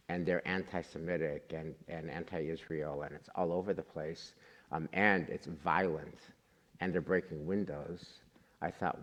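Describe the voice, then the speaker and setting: A man leading a class discussion, talking earnestly and telling stories with quoted dialogue. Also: low voice. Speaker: class leader. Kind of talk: group discussion. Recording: long hall reverb.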